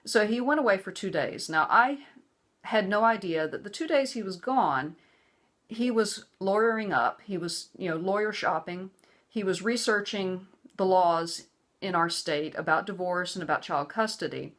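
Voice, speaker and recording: A woman's voice: medium pitch, moderate pace. A middle-aged woman telling a personal story to camera, earnest and emphatic, giving lecturing advice. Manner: acts out quoted voices, hushed and soothing or raised and angry. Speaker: vlogger.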